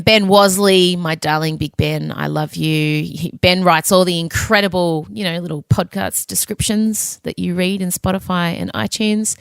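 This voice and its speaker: A woman's voice: lowish voice, vocal fry, fairly bright tone, smooth, no room sound, clean studio sound. A woman hosting a podcast, talking casually and effusively, rambling a little with self-aware asides. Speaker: podcast host. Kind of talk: casual end-of-season sign-off chat.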